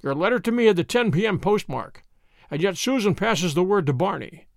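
A man voicing a crisp, sharp-witted, teasing detective in a storybook reading. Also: high-pitched, lively intonation, fairly quick, no echo, clean studio sound. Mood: severe.

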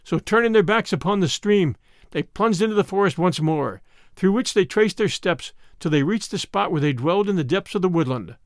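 A man hosting a show, reading a classic storybook aloud in a measured, expressive way. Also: sits high, dry recording, studio quality.

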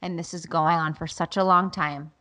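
A woman's voice: fairly low pitch, moderate pace. A woman in her thirties co-hosting a casual podcast, telling stories with animation and frequent laughter. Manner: animated storyteller, laughs often, acts out quotes. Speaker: podcast co-host. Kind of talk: casual chat.

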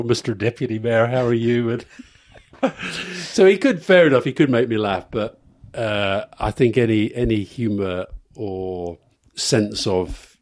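A man's voice: medium pitch, a little mellow, no echo. A middle-aged man co-hosting a live podcast, rambling through anecdotes and chuckling at his own stories. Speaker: podcast co-host.

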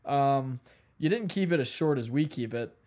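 A man's voice: medium pitch, expressive, normal speed, darkish tone. Podcast co-host, man from the Midwest, rambling self-deprecating chat with lots of laughing, blanket-lined spare room. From Midwest United States. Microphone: headphones and studio mic, remote setup.

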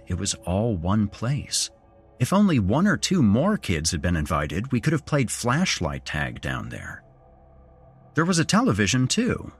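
Husky, lively male storyteller. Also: on the low side. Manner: expressive first-person storytelling. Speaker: podcast host and narrator. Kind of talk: scripted horror story narration.

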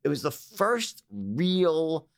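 Animated American man telling stories. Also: on the high side, extremely slow. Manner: lively, animated storyteller who acts out the people in his tales, laughing often. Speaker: guest. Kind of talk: storytelling in a casual interview.

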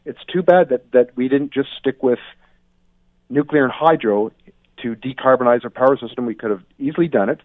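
Calling in on a tinny, dry phone line without echo, an Ontario man offers blunt, opinionated commentary as a guest. He speaks briskly in a mid-range voice and frequently restarts sentences.

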